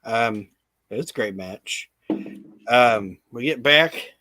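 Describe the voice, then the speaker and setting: A man in casual podcast chat, retelling events in a profane, animated way and quoting people as he goes. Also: medium pitch, takes it slowly, no echo. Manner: profane, animated storytelling with quoted voices. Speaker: podcast co-host. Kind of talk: casual chat recapping wrestling.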